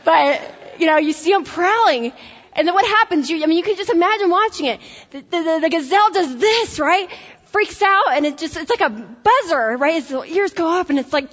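Woman speaker with a Tennessee accent, high voice, lively and animated, talking to students in an echoey hall. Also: fairly quick. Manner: energetic, animated, laughing asides. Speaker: speaker addressing college students. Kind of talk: motivational faith-based talk. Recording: echoey hall, dull lo-fi sound.

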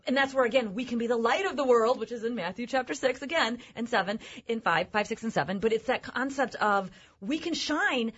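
Husky-voiced woman guest telling stories. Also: on the high side, a little fast, lo-fi sound. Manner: animated, personal storytelling. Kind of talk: faith talk show conversation.

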